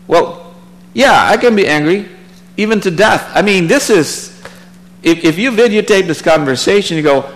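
Man, sermon, reads scripture then comments casually, rises in pitch and volume for emphasis. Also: lively intonation, normal speed, poor audio. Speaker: preacher. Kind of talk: Bible study sermon.

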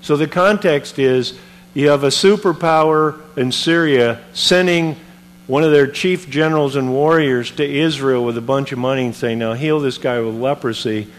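A man preaching a sermon, retelling a Bible story in an animated, conversational way with modern comparisons. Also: medium pitch, moderate pace.

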